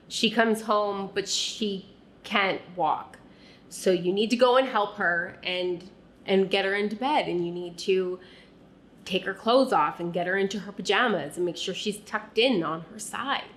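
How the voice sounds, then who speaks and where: A woman speaking to the listener as "you" about her own past. She talks earnestly and softly and often drops to a quiet tone. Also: mid-range voice, slight background noise. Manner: earnest, soft and unhurried, often dropping quiet. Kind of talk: reflective second-person personal narration.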